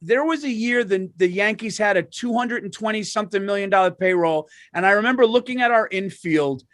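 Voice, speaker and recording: A man co-hosting a podcast, telling animated comedic stories with lots of swearing and restarts. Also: high voice, brisk, dry recording, clean studio sound. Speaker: podcast co-host. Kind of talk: casual comedic chat.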